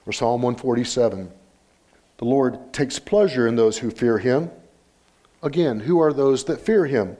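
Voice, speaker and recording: A man's voice: medium pitch, unhurried, dark tone. An older man preaching a sermon, reading Scripture aloud and driving points home with rhetorical questions and repeated phrases. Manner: reads Scripture aloud with rising emphasis. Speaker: pastor.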